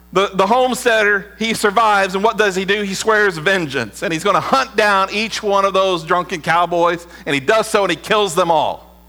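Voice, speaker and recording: A man preaching a sermon as pastor, earnest, often dropping low and quiet for emphasis. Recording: long hall reverb with mains hum.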